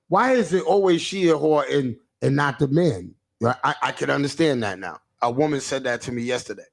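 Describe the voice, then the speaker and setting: A man's voice: mid-range voice, brisk, few pauses. A man hosting a livestream, rambling in a casual rant, stammering and restarting as he answers chat comments. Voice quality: gravelly. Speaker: livestream host.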